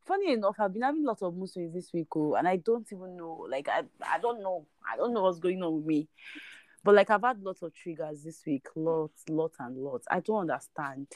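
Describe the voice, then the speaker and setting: A Nigerian woman in her twenties co-hosting a casual podcast, lively and quick with her asides. Her voice is a little lower than most women's, and it is recorded dry and close with no room sound. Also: dry recording. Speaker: podcast co-host. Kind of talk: casual chat.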